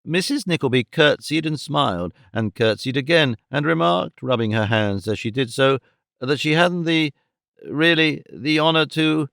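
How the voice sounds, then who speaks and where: A man narrating a classic novel as an audiobook, in a measured, wry storytelling manner. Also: on the high side, gravelly, a bit bright, no echo, clean studio sound.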